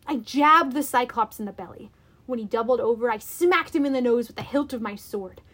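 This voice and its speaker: A woman reading a first-person adventure aloud, expressive and deliberate. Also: high-pitched. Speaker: audiobook reader. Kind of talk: dramatic first-person storybook narration.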